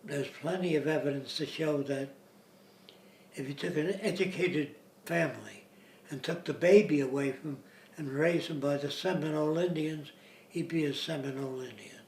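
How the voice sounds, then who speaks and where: Creaky and darkish, his voice sits on the high side and moves at a normal speed. He gives an informal lecture, reasoning through his point stepwise and occasionally mimicking the way others talk; the distant mic captures a roomy space and slight hiss.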